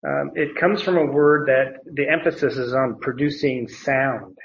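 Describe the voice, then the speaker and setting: A man teaching through a Bible passage verse by verse, pausing on word meanings, with frequent fillers and restarts. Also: mid-range voice, a bit bright, muffled recording, slight background noise.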